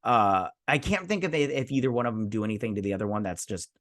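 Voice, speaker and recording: A man's voice: lowish voice, fast, a bit bright, no echo, studio quality. A man hosting a casual episode recap, rambling and digressive, full of fillers and side stories. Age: adult parent. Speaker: show host reviewing an episode.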